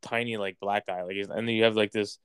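Rambling young man, smooth voice. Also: fairly low pitch, fairly even intonation, fast talker, dry recording. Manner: rambling, heavy use of "like". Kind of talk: casual conversation.

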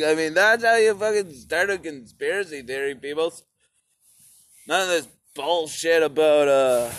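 A man records his podcast outdoors and talks slowly, drifting from thought to thought. His voice sits a little high. He swears casually and speaks straight to his listeners. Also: a bit bright, slight background noise. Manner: rambling and profane, addresses listeners as "peoples". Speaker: podcast host. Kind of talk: casual solo podcast monologue.

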